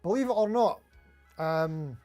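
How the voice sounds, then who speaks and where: A middle-aged man from Dundee talks quickly in a broad Scottish accent, answering viewers on a casual guitar livestream. His voice sits high yet sounds warm and soft-edged. Faint music plays behind him. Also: expressive. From Scotland. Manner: fast-talking, chatty, reading out viewer comments. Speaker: livestream host.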